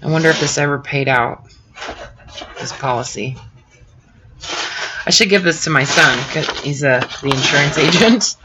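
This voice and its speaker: A woman's voice: sits low, normal speed, pauses often, noisy background. A middle-aged woman host chatting casually and rambling with lots of fillers while crafting on a live stream. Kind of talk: casual chat with live viewers.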